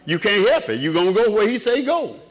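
A man preaching a fervent sermon. His voice sits on the high side for a man, and his pitch leaps around a great deal as he drops to a near-murmur, then climbs to ringing exclamations. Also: very animated, brisk. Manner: impassioned call-and-response preaching, swinging from low murmurs to raised cries.

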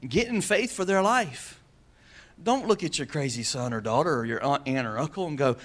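Brief: lively male pastor, high voice swinging widely, folksy and joking. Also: normal speed. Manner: folksy, animated, joking with congregation. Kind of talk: sermon.

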